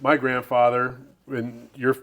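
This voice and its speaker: A man's voice: mid-range voice, completely flat delivery, slow pace, fairly bright tone. Man casually reminiscing about family. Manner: reminiscing, laughs along. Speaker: grandson. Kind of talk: casual chat.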